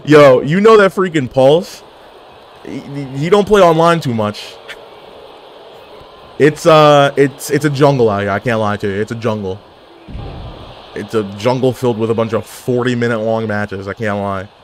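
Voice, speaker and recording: A man commentating his own online wrestling game, jokey and excitable, full of trash talk, swearing and wrestling slang. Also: mid-range voice, normal speed, a little hiss or hum. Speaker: gaming video creator.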